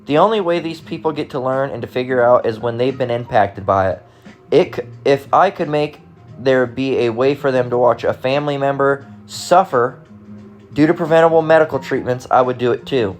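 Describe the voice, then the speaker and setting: A man's voice: mid-range voice, normal speed, faint music behind. A man giving casual, rambling commentary on online comments, talking bluntly and profanely with frequent restarts.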